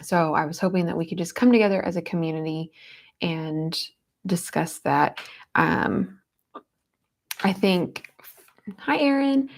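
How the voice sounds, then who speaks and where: A woman's voice: fairly low pitch, unhurried, creaky, long pauses. A woman hosting a livestream, talking earnestly and tenderly while greeting viewers in the chat. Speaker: livestream host. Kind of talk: casual heartfelt live chat.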